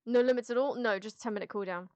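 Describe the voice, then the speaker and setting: This streamer speaks fast in a fairly high, slightly mellow voice, and the recording is dry and lo-fi. Wearing a headset, she rambles through a casual livestream, answering her chat candidly with plenty of restarts and an occasional curse.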